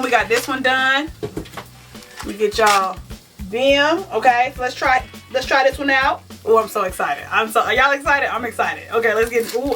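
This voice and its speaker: A woman hosting a vegan cooking channel chats nonstop in her home kitchen, talking straight to viewers as "y'all" and poking fun at herself in a casual vlog. Her voice is on the high side. The mic sits kind of far away, with faint music.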